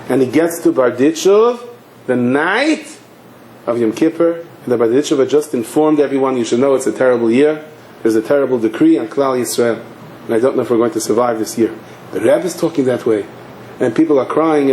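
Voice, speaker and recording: A man's voice: mid-range voice, a little mellow, slight background noise. A man, a rabbi, tells a story in a sermon and acts out its scenes with animation. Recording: echoey hall.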